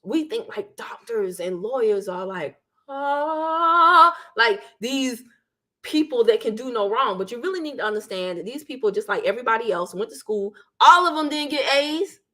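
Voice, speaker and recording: A woman with a slightly high voice gives casual legal commentary, chatting straight to her viewers. She is animated and talkative, and she slips into the voices of the people she quotes. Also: moderate pace. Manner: chatty, addresses viewers as "y'all", acts out quotes. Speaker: legal commentary channel host.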